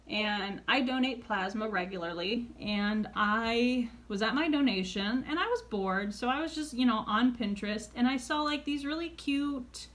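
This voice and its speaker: A woman in her late twenties telling a personal story in a vlog, earnest and excited, raising her voice when quoting others. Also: on the high side. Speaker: vlogger.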